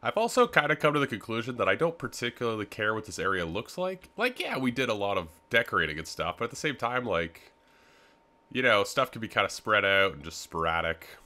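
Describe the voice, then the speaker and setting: A man's voice: lowish voice, very animated, a little fast, sharp tone. A young man, rambling easily through casual game commentary with lots of filler words. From Canada. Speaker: gaming video host.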